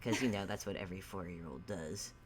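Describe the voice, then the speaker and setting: A woman hosting and running a tabletop game, chatting casually in a halting, rambling, self-mocking way. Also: a bass voice, music in the background. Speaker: game master and host.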